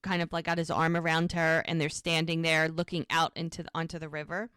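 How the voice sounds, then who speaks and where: A woman co-hosting a podcast, telling an episode's story in a casual, animated way and quoting the characters. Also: sits low, brisk, clear, resonant tone, no echo, clean studio sound. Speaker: podcast co-host.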